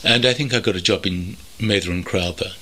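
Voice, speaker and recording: An older man from North London looks back on his working life in a slow, thoughtful way, pausing often. His voice is husky with a bright, forward edge. He speaks as a guest, sitting in a country home. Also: low voice. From North London, England. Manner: thoughtful, measured, with many pauses and ums. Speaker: interview guest, veteran copywriter. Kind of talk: reflective reminiscing.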